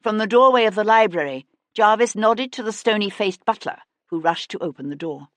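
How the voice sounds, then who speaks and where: A woman narrating a historical mystery audiobook in a measured, even storytelling manner. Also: medium pitch, dry recording. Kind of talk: scripted narration.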